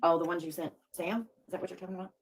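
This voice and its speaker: A woman chatting on a livestream, quick and chatty, often cutting in. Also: lowish voice, steady tone, breathy edge. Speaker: livestream co-host. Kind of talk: casual livestream chat.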